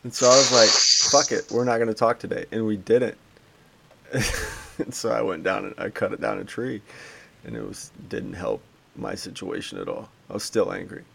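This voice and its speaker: A man's voice: on the low side, normal speed, vocal fry, background noise. A man in his thirties co-hosting a casual chat, telling a story with plenty of swearing and acting out the quotes. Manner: storytelling, animated, acts out quotes. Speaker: podcast co-host.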